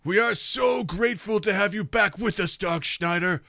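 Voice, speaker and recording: A man's voice: high voice, moderate pace, vocal fry, sharp tone, no room sound, clean studio sound, pitched above the performer's own voice, exaggerated voice. A man voicing a pompous, indignant old male minister in a comedic anime dub parody, speaking in a huffy, bossy way. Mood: pleading.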